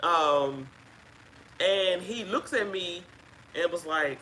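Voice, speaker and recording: A woman sharing her own experience as a guest on a live chat, telling it in an emphatic, animated way. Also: fairly low pitch, slow, a little hiss or hum, poor audio. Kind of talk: casual live-stream chat.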